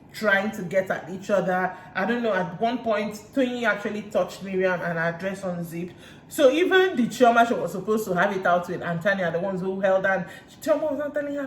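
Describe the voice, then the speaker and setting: A Nigerian woman recapping reality TV in a chatty way, retelling scenes with lively asides. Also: medium pitch. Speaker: reality TV reviewer. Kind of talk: casual recap chat. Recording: roomy room echo, faint hiss.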